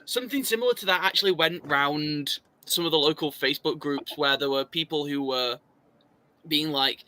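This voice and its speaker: Bright-voiced man. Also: a little high, normal speed, no echo. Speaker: podcast co-host. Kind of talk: casual chat.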